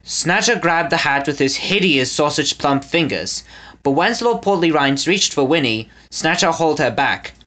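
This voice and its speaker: A man reading a children's storybook aloud as the narrator, with an expressive delivery. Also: a little high, normal speed. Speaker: audiobook reader.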